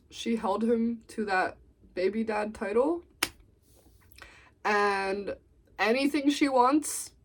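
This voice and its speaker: A young woman vlogger telling a storytime, acting out what people said. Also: on the high side. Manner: animated storytelling, acts out quotes. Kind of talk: storytime vlog.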